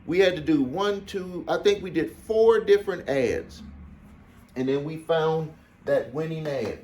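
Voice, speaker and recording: A man's voice: on the high side, a little slow, a little mellow, a little hiss or hum. A man coaching small business owners, telling a client story casually to camera, often repeating phrases for emphasis.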